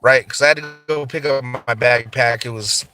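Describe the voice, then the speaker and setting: A man's voice: mid-range voice, fairly even intonation, normal speed, bright, forceful tone. A man telling a rowdy night's story in a rambling, profane, casual way, laughing at himself. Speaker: vlogger. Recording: music playing underneath.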